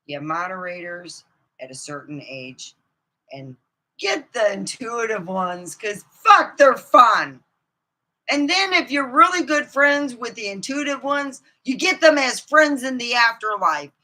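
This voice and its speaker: A woman ranting profanely to her camera, swinging from low muttering to outbursts of shouting. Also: lively intonation, unhurried. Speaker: vlogger. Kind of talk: angry ranting monologue.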